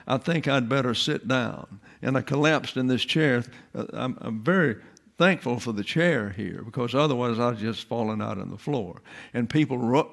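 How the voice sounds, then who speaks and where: An elderly man in his eighties delivers a sermon from the pulpit. He speaks slowly and deliberately, and his teaching is sprinkled with homespun turns of phrase. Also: medium pitch, creaky. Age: 80s. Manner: slow, deliberate teaching delivery with folksy asides. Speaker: pastor.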